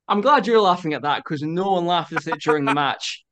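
A young man in his twenties chats on a video-call podcast in a fairly high voice. He tells a story in quick, animated bursts and laughs often as he goes. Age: 20s. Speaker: guest wrestler. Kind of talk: casual interview chat.

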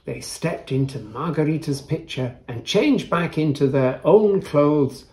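A man reading a picture book aloud to children, gentle and showing the pages. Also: on the high side. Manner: gentle, unhurried, shows the pages. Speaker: storyteller.

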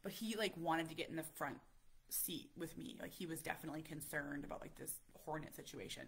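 Lady in her 30s vlogging, low breathy voice, chatty and animated, lots of "like". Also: brisk. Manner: animated, chatty, many fillers, acts out quotes. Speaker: parent vlogger. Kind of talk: casual storytelling to camera.

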